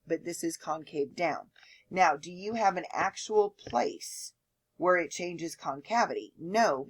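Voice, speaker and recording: A woman teaching a math lecture, explaining step by step and often checking in with "okay?". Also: low voice. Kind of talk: lecture with board work.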